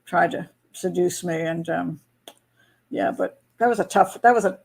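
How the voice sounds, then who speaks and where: Older american lady rambling on a live stream, laughs a lot, kinda gravelly. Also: on the low side, unhurried, a little mellow. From United States. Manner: chatty, laughing often, rambling with restarts. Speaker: host of a live patron hangout. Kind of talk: casual live-stream chat.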